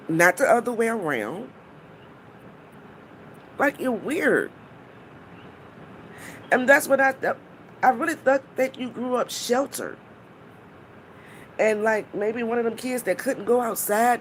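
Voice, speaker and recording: A woman's voice: on the high side, slight background noise. A woman on a live stream, talking bluntly and mockingly to her viewers, swearing freely and stopping to greet people in the chat.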